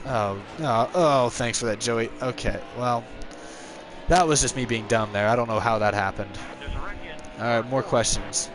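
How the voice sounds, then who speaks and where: Young male streamer on a headset, tired voice, relaxed and rambling, game music going behind him. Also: mid-range voice, moderate pace. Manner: relaxed, rambling, answers viewer chat. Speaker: streamer playing a racing game. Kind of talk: casual live-stream chat.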